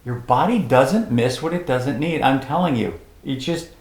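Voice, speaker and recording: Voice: mid-range voice, lively intonation, normal speed, darkish tone. Insistent co-host in an echoey room. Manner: reassuring, conversational, insistent. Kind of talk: casual chat about diet. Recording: roomy, echoey sound.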